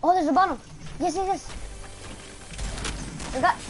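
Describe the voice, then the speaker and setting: A woman from Texas chatting casually while gaming, excitable and trash-talking with quick callouts. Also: very high-pitched, soft background music. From Dallas, Texas. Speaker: gamer.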